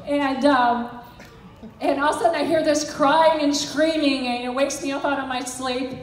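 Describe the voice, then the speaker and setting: A woman's voice: high-pitched, steady tone, normal speed, a little hiss or hum. A middle-aged woman giving an earnest, encouraging motivational talk as a direct sales team director. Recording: echoey hall from far off.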